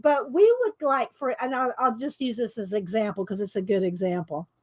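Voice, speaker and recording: A middle-aged woman with a fairly high voice tells stories in loud, casual chat while she colors. She laughs often and talks over herself, rambling warmly from one story to the next. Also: fairly even intonation, brisk. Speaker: coloring video host.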